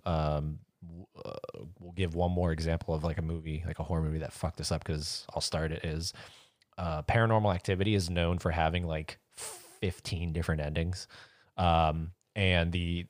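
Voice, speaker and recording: A man's voice: low-pitched, steady tone, moderate pace, dry recording, studio quality. A man in casual chat, rambling as he retells a scene and acts out voices. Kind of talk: casual chat about horror movies.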